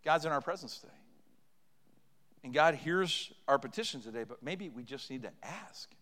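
A man's voice: a little high, expressive, normal speed, fairly bright tone, long reverb tail. A man preaching an impassioned sermon as pastor, building to fervent cries. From Canada. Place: church sanctuary.

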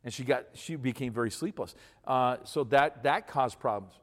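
A man's voice: mid-range voice, normal speed. A man in his fifties giving folksy, emphatic advice to an audience, often repeating himself for emphasis. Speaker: speaker giving marriage advice to men. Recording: long hall reverb.

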